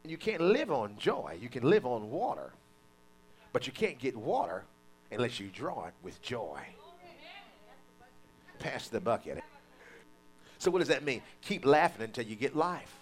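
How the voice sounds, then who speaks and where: A man's voice: mid-range voice, unhurried, pauses often. A man preaching a sermon, calling on the congregation to repeat after him and acting out quoted voices. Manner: animated preaching with call-and-response and mock quotes.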